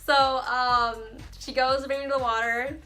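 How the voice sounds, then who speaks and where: A woman's voice: high-pitched, little pitch movement, a little slow, bright, forceful tone, soft background music. A young woman vlogger telling a dramatic, chatty story with slangy asides. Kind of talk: storytime vlog.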